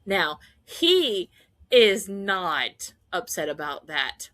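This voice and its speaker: A woman podcast host giving a casual, animated fan recap, gushing and laughing often. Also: on the low side, extremely slow, dry recording.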